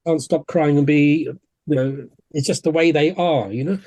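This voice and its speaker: A man, a homeopath guest on a podcast, telling stories in a relaxed, anecdotal way and acting out quotes. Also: on the high side, moderate pace. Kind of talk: conversational storytelling.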